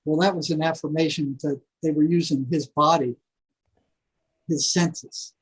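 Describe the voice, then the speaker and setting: An older man telling a long story in a rambling, animated way, full of fillers and asides. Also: fairly high pitch, unhurried, slight background noise, rough recording. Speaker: guest, former prison psychology worker. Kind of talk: casual storytelling interview.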